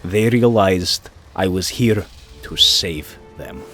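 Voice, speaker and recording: Brief: man doing a very low, measured Russian-accented Superman narrator, choir music loud behind. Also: lively intonation, vocal fry, exaggerated voice. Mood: solemn. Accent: put-on Russian. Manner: grave, measured storytelling. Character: solemn Soviet Superman narrating, adult man. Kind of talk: dramatic comic reading.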